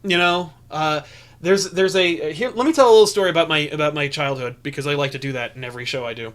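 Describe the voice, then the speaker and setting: Podcast co-host, young man, high and bright voice, rambling casual storyteller. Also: fast talker. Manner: rambling storyteller with many restarts. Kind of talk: casual chat.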